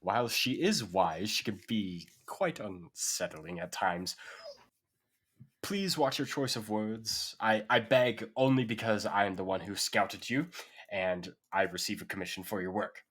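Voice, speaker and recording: Courteous formal scout, earnest and polite, low voice, as a man plays him, tabletop game. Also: unhurried, a bit bright, breathy edge.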